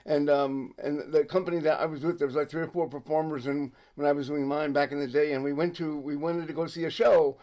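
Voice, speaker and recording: A man hosting an interview over a video call, enthusiastic and quick to affirm and laugh. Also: fairly high pitch, fairly even intonation, a little mellow. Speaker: interviewer, host. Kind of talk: casual interview chat.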